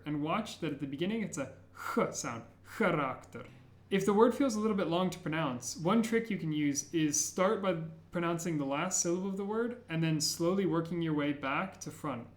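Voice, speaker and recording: Man teaching slowly in an echoey room. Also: fairly high pitch. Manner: repeats sounds slowly and clearly. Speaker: language teacher. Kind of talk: slow, careful alphabet lesson.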